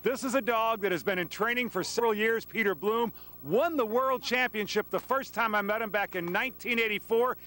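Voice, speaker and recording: A man anchoring a live TV sports segment outdoors, lively and joking with his guests. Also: high-pitched, brisk, hardly any pauses.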